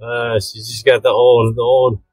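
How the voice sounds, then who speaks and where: A man's voice: mid-range voice, flat delivery, measured pace, a little mellow, husky, no echo, rough recording. A man co-hosting a casual movie review chat, dropping dry wisecracking asides. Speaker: co-host.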